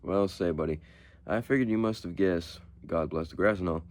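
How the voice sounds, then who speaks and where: A man's voice: deep voice, normal speed, darkish tone, a little hiss or hum, close to an everyday voice. Folksy, over-friendly lawnmower man, put on by a male storyteller; storybook reading. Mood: genial. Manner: folksy, overly friendly, calls people buddy.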